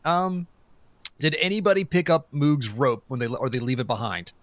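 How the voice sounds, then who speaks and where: A man's voice: on the high side, animated, normal speed, fairly bright tone, no echo. A man running a comedy tabletop game as game master, joking, swearing and laughing as he narrates. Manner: laughing, crude banter.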